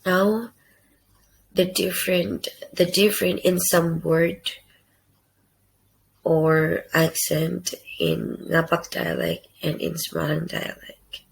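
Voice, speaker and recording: A young woman giving a read class presentation in careful, halting short phrases. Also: on the low side, level tone, gravelly, slight background noise, low-quality recording. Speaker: student presenter.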